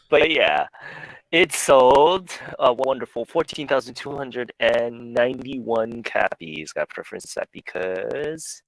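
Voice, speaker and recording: A man's voice: mid-range voice, slow, no room sound, low-quality recording. A man hosting a music podcast in casual chat, reading out chart rankings and sales figures and laughing often.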